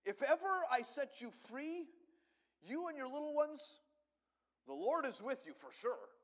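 A man's voice: extremely high pitch, very animated, unhurried, fairly bright tone, voice pushed up, heavily acted. A man voicing a scornful ancient king in a mocking, sneering tone during a sermon. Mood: sarcastic. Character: sarcastic scornful ancient Egyptian king, male, middle-aged.

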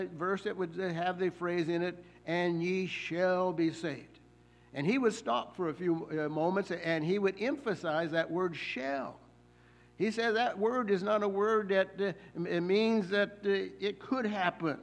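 A man preaching a sermon in church, slowing down to stress the scripture he quotes and often pausing with fillers and repeated words. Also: fairly high pitch, creaky.

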